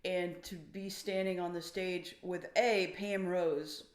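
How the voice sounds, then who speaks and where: A woman's voice: on the low side, steady tone, takes it slowly. A woman, a songwriter, giving interview answers in a thoughtful, emotional way. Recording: echoey room.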